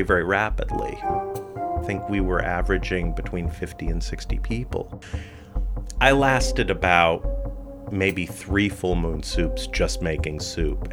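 Man, middle-aged, very low pitch, personal storytelling, animated delivery. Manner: animated storyteller, voices people in quotes. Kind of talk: personal storytelling and performed tales.

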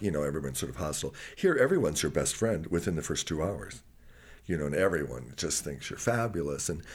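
A man from Wisconsin telling personal stories in an interview, animated and acting out other people's voices. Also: sits low. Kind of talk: candid personal storytelling.

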